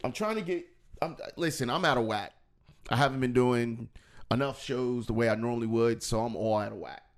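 A man's voice: mid-range voice, fairly quick. A man, a comedian hosting a casual live stream, joking and telling stories with playful put-on voices. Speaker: comedian and show host.

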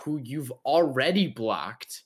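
A young man co-hosting a podcast, telling an animated, slangy story with swearing and frequent laughs. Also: mid-range voice, takes it slowly. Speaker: podcast co-host. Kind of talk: casual chat.

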